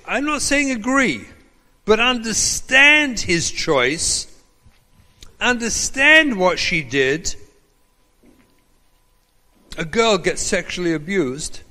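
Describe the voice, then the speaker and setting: In a large hall, a rabbi with a voice on the high side mixes lecturing with storytelling. He is animated, performing the dialogue from his stories.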